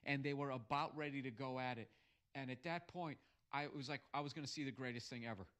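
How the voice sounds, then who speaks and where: A man's voice: medium pitch, brisk. A man telling a crude, comic bar story and giving blunt advice, swearing freely. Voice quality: loud and crude, swearing often. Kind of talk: profane comedic storytelling.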